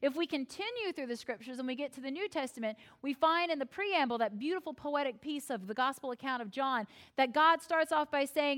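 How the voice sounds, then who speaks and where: High-voiced woman preaching a lively sermon. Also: brisk, few pauses. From United States. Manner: expressive, self-deprecating humor, acts out quoted voices. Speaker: pastor.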